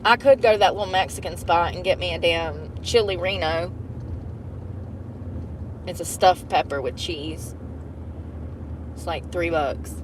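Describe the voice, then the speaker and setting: A woman's voice: lowish voice, unhurried, pauses often, background noise. A young woman vlogging from inside a car, rambling and complaining in a blunt, heavily profane way. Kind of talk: casual rambling monologue.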